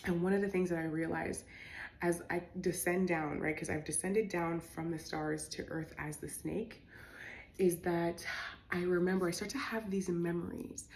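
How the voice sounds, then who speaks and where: A woman's voice: lowish voice, creaky, slight background noise. A young bilingual woman telling a personal story in a casual, chatty way, full of "like" and fillers. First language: bilingual English and Spanish. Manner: chatty, lots of "like" and fillers, animated when excited. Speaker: vlogger recounting her experience.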